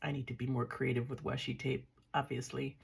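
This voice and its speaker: A woman's voice: very deep voice, little pitch movement, a little fast, gravelly, breathy edge. An older woman casually chatting through her washi tape collection, thinking aloud with dry, self-mocking remarks. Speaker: craft vlogger. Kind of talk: casual crafting show-and-tell.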